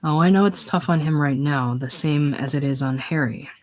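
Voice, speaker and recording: A man's voice: on the high side, normal speed, lightly acted. A man reading a coaxing, insistent salesman. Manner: coaxing, indignant. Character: smooth-talking male salesman, insistent and coaxing.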